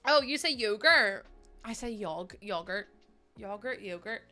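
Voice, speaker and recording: A woman's voice: a little high, expressive, moderate pace, bright, forceful tone, soft background music. A young woman chatting casually to viewers on her livestream, sleepy, rambling and giggling often. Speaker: streamer.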